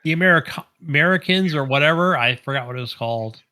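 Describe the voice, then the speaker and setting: A man's voice: on the high side, quick pace, sharp tone, dry recording. A man co-hosting a podcast, chiming in with playful remarks in casual chat. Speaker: podcast co-host.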